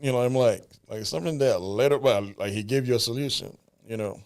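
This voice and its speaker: A man's voice: medium pitch, a little fast, a little mellow, clear, resonant tone. A man co-hosting a casual chat, talking hesitantly with many fillers and restarts, and often agreeing. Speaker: co-host.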